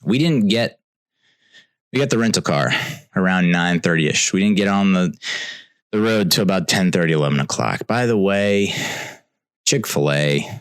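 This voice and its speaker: A young podcast host tells a comic travel story in an exasperated rant. His low voice lurches between shouted peaks and grumbling mutters, pitch swooping all over. The sound is dry and close to the mic. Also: animated, normal speed, long pauses, clean tone, dry recording. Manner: exasperated ranting, swings between loud outbursts and low mutters. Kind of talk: casual comedic storytelling.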